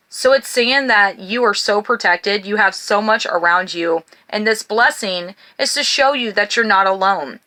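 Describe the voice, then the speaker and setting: A middle-aged woman hosts a spiritual card reading, her voice bright and clear. She talks to viewers in an earnest, personal way and reads blessings in a slow, gentle cadence. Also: medium pitch. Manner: reads blessings slowly, then talks warmly and emotionally to viewers. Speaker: tarot and oracle card reader.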